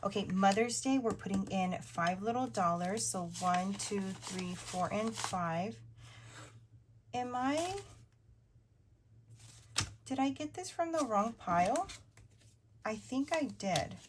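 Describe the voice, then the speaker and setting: Woman, thirties, chatty, upbeat, fillers, sometimes hushed, faint hiss. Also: medium pitch, lively intonation, slow, long pauses. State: partly whispering. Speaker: budgeting vlogger. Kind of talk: casual chatty narration over cash stuffing.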